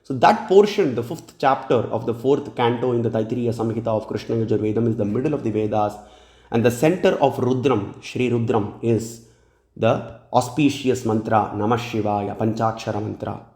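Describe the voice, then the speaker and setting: A man's voice: medium pitch, moderate pace, darkish tone, reverberant. A man giving a scripture lecture who recites verses, translates them, and often checks in with "hmm?". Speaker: religious lecturer.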